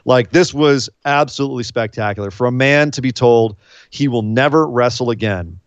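A man co-hosting a podcast in a casual recap chat, excitable and emphatic, sometimes choked up. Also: mid-range voice, normal speed, clear, resonant tone, dry recording, muffled recording. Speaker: podcast co-host.

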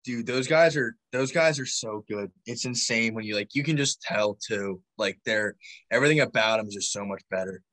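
A man's voice: on the low side, normal speed, fairly bright tone. A young man, a college hockey player, talking casually and slangily on a podcast. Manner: laid-back, slangy, says "dude" often.

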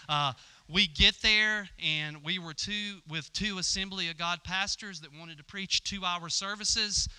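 Guy preaching a sermon, kinda high bright voice, smooth and clear, tells it like a story. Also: unhurried. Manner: storytelling, acts out dialogue with stammering fillers. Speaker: pastor. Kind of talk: conversational sermon.

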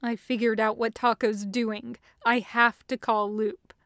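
A woman's voice: on the high side, flat delivery, unhurried, a bit bright, dry recording, clean studio sound. A woman voicing a distracted, worked-up man in an audiobook reading, in an earnest, preoccupied way.

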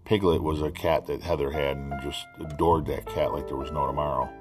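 A middle-aged man hosting a podcast, telling animated, profane stories in a casual way. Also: extremely low pitch, fairly quick, music in the background. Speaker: podcast host. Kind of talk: casual storytelling.

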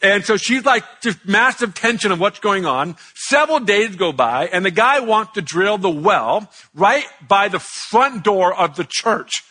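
A male pastor telling a story in a sermon, chatty and animated, joking with the congregation. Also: high voice, a little slow, hardly any pauses.

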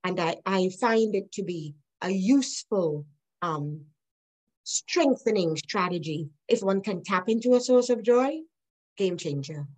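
A woman's voice: medium pitch, animated, unhurried, a little mellow, low-quality recording. Earnest woman telling her story. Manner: earnest, reflective, laughs now and then. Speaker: guest. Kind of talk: personal storytelling in an interview.

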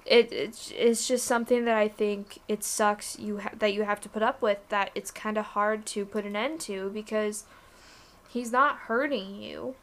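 A woman's voice: mid-range voice, fairly even intonation, moderate pace. A young woman co-hosting a podcast, talking candidly and casually about work, swearing now and then. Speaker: podcast co-host. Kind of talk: casual chat.

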